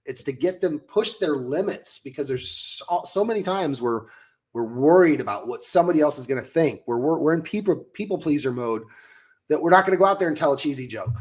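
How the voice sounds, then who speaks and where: A man's voice: on the high side, expressive, fairly quick, darkish tone. A man in his late thirties from the United States, a coach and show host, telling his story in a casual chat and acting out his own past lines.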